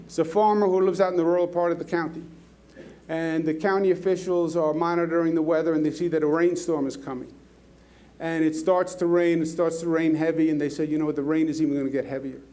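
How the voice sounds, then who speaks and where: A politician giving a public speech, telling folksy stories and rousing the crowd with repeated lines. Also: male voice, fairly high pitch, level tone, brisk, mellow. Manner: folksy storytelling, rousing and repetitive.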